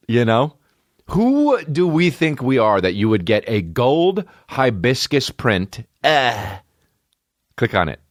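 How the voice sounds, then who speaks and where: A man hosting a podcast in casual chat, rambling and swearing a lot, with big jumps in pitch. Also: no room sound, clean studio sound. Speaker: podcast host. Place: home studio with barking dogs nearby.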